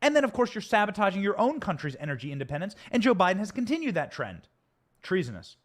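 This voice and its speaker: A man's voice: high-pitched, very animated, quick pace, a bit bright. A man hosting a political commentary show, ranting in an angry, emphatic and theatrical way from a studio. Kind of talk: heated political commentary rant.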